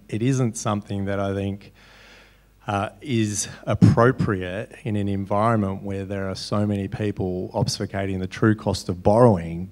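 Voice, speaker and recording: A man's voice: lowish voice, a little mellow. A man answering as a panelist on small business lending, casual and full of "you know" fillers. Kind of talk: panel discussion.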